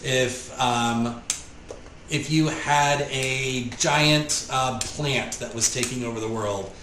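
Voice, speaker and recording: Game master, male, mid-pitched, relaxed narration of a tabletop game; roomy recording, faint hiss. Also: takes it slowly.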